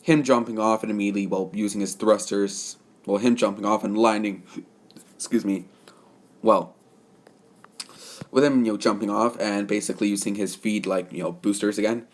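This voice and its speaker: A man's voice: on the low side, fairly even intonation, normal speed. A young man narrating a fan story off the cuff, rambling with many fillers and self-corrections.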